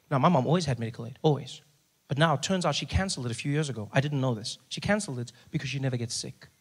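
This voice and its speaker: A man telling a stand-up story, animated and acting out scenes. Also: mid-range voice, breathy edge. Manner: animated, fast, acts out scenes. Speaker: stand-up comedian.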